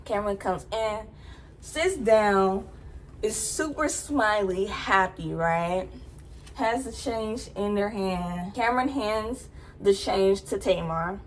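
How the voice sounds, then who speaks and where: A young woman vlogger recounting a personal story in a casual, rambling way. Her voice sits at a middle pitch and her delivery is loose and chatty, packed with fillers. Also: slow pace, a little hiss or hum. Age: young adult.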